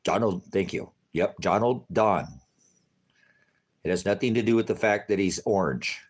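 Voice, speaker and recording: Deep-voiced rambling preacher man. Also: moderate pace, husky. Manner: rambling, drifts into baby talk to his cat. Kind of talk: casual talk to viewers. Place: farmhouse.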